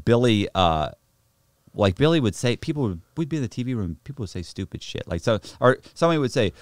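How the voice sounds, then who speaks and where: This middle-aged man's voice is fairly low and quick as he tells a story on a podcast, swearing freely, staying animated, and impersonating the people involved. The sound is dry.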